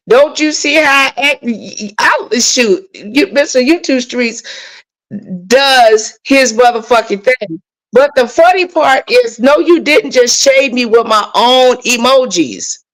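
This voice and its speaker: Woman, livestream host, AAVE, higher voice, emotional, on a rant, talking back to chat. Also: rough recording.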